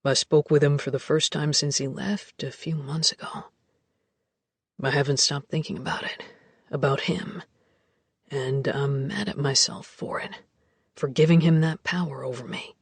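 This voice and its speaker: A man voicing a troubled young man who opens up softly, with a deep, raspy voice in audiobook dialogue. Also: steady tone, a little slow, long pauses, no room sound, exaggerated voice. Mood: quiet, confiding.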